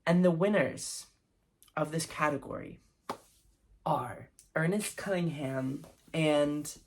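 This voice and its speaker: Gushing low-voiced young woman book vlogger. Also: slow, darkish tone, a little hiss or hum. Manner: gushing, effusive, many fillers and restarts. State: recovering from covid. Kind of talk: casual book review vlog.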